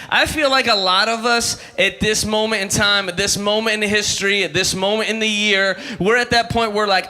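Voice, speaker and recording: A man's voice: high voice, sharp tone. A man in his thirties giving a humorous youth sermon, telling jokes and calling for responses from the crowd. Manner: joking storyteller, calls for crowd responses. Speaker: youth ministry speaker. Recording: long hall reverb.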